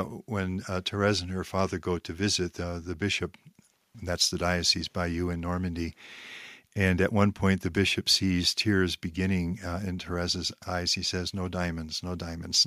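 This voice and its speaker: A man with a very low voice reads a devotional text aloud and stops often to explain it, leaning on key phrases in a measured, reflective way. The sound is dry and close, with no room echo. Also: a bit bright. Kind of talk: reading a text aloud with commentary.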